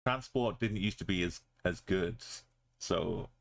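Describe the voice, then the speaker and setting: A man's voice: low-pitched, measured pace, gravelly. A man streaming live, thinking aloud as he plays and chatting casually with his viewers. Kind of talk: casual live-stream commentary while playing.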